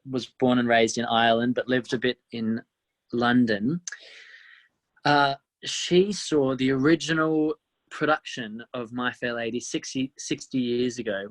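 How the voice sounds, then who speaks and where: A young man in his twenties, a musical theatre actor chatting as an interview guest, animated and quick to laugh. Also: mid-range voice. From Australia (Tasmania). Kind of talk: casual interview chat.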